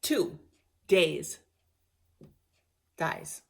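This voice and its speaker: A woman's voice: sits low, animated, very slow, creaky, breathy edge. A middle-aged woman telling a personal story in a casual vlog, candid and emotional, often restarting and trailing off mid-phrase. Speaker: vlogger.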